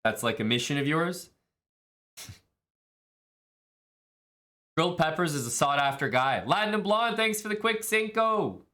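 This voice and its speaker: Bright-voiced laid-back male streamer. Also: on the high side, expressive, a little slow, long pauses. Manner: laid-back, jokey, calls viewers bud and bro. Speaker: live streamer. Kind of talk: casual stream chat, reading viewer messages.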